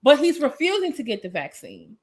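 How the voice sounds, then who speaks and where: A woman's voice: high voice, wildly swooping pitch, brisk. A woman co-hosting a casual opinion chat, musing and retelling what she saw. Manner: musing, storytelling, thinking aloud. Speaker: co-host.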